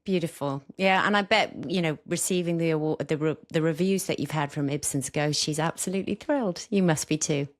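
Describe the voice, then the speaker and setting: A woman hosts a podcast interview in a very low voice. She is encouraging and asks long, gentle questions. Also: a little fast, few pauses. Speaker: podcast host.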